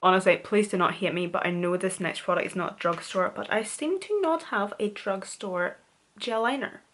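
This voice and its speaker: A woman's voice: medium pitch, moderate pace, fairly bright tone. A young woman from Northern Ireland with a Northern Irish accent, talking casually through a makeup tutorial in a chatty, self-deprecating way. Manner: chatty, self-deprecating, says "wee" a lot. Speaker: beauty vlogger.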